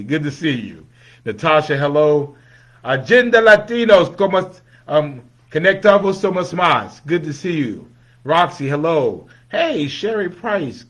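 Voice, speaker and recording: Upbeat man greeting viewers by name. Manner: swings between bright calls and low mumbled asides. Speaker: livestream host. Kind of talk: casual livestream greetings.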